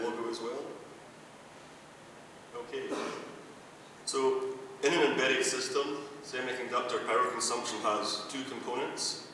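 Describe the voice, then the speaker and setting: A man with a Scottish accent and a cold gives a technical conference talk, explaining things methodically step by step. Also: bright, forceful tone. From Scotland. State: has a cold. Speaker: conference speaker. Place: large lecture hall. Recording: echoey hall from far off, rumble.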